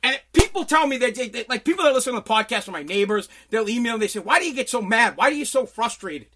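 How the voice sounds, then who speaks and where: A man hosting a podcast from his home basement, delivering an angry, profane political rant that bursts into shouting. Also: very high-pitched, expressive, quick pace. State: sweating. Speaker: podcast host.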